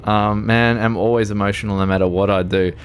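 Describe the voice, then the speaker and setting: A man's voice: on the low side, steady tone, fairly quick, slight background noise. A man streaming a game, tipsy, rambling and emotional, laughing often and swearing casually. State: tipsy from alcohol. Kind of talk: casual gaming stream chat.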